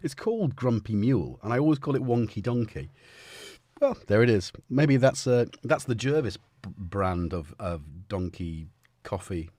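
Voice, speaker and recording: A man's voice: on the low side, very animated, moderate pace, warm tone, no echo. A man hosting a live stream, chatting in a rambling, jokey way that keeps interrupting itself. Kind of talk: casual live-stream chat.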